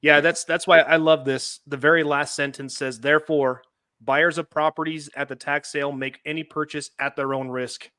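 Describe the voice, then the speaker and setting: A man's voice: a little high, steady tone, normal speed, sharp tone, smooth, dry recording, clean studio sound. A man hosting a casual podcast, chatting loosely, reading documents aloud and making laughing asides. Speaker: host.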